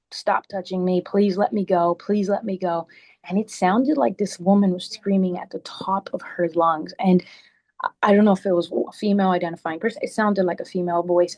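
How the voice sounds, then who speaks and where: A woman's voice: lowish voice, a little mellow. A young adult woman giving spontaneous, earnest testimony as a resident at a town meeting, rambling with many fillers. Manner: rambling, heavy with "like" and "um", earnest and worried. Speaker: resident speaking at public comment.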